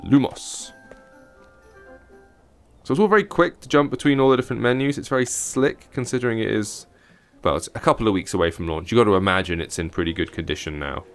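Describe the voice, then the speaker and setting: Brief: male games reviewer, wry and chatty while playing, lowish voice, faint music behind. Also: quick pace, clean tone. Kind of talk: casual gameplay commentary.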